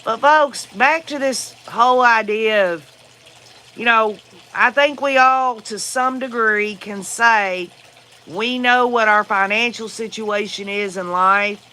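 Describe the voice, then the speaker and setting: A man's voice: high-pitched, takes it slowly, bright, forceful tone. A man with a Southern US accent hosting a casual livestream, answering viewer comments in a rambling, opinionated way. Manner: rambling and opinionated, with frequent fillers. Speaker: livestream host.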